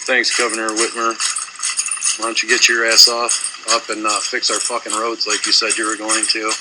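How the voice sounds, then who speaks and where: A man's voice: lowish voice, completely flat delivery, normal speed, very noisy. A man filming himself inside a store on a phone, ranting furiously and sarcastically, swearing often. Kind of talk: angry ranting phone video.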